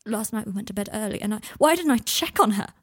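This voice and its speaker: A woman's voice: medium pitch, completely flat delivery, darkish tone, close to an everyday voice. A woman reading as a panicked young wizard. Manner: frantic, halting speech.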